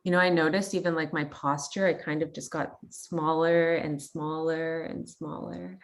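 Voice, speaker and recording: A woman's voice: low voice, flat delivery, moderate pace, vocal fry. A woman in her thirties from Canada, sharing a personal story in a candid, chatty way full of fillers and quoted thoughts. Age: 30s. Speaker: guest.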